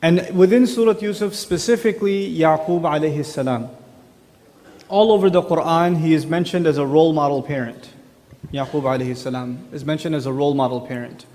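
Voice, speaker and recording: Guy with a high voice giving a talk, casual, lots of questions to the crowd, big echoey hall. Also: a little fast, darkish tone. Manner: conversational, with rhetorical questions to the audience. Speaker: speaker on parenting. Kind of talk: religious lecture to an audience.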